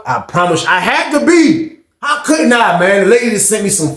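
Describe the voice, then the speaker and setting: A man telling a story in a casual, animated way, full of slang, talking straight to his listeners. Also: high voice, normal speed, hardly any pauses. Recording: roomy echo.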